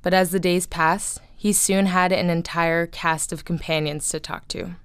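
Calm woman narrating, low voice. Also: measured pace, smooth, no room sound, clean studio sound. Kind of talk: scripted documentary narration.

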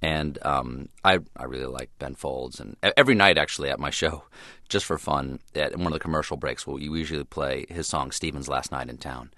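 A very low-pitched man being interviewed in a studio. He muses thoughtfully, restarting sentences and letting them trail off, then rushing ahead in sudden bursts. The sound is close and dry. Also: pushed and bright, dry recording. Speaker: guest. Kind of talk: reflective radio interview.

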